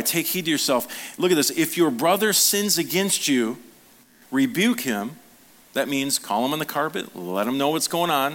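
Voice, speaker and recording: A man's voice: medium pitch, fairly bright tone. A man preaching a sermon as a pastor, talking casually with the congregation, asking them questions and briefly acting out the voices of the people he quotes.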